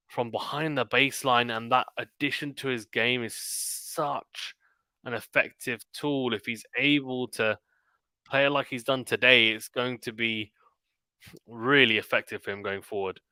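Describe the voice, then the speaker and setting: A man giving live play-by-play tennis commentary on a stream, calling the shots quickly and dropping into quiet chatty asides between points. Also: medium pitch, steady tone, no echo. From Britain. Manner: rapid calls of the rally mixed with quiet chatty asides.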